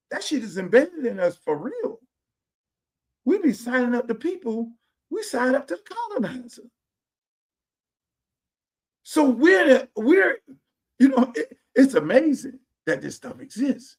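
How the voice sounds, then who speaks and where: A man's voice: very high-pitched, very animated, measured pace, pauses often, a little mellow, breathy edge. A man in his sixties hosting a podcast, talking in an impassioned, preachy way, repeating himself and swearing freely. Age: 60s. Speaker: podcast host. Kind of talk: casual monologue. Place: home theater room.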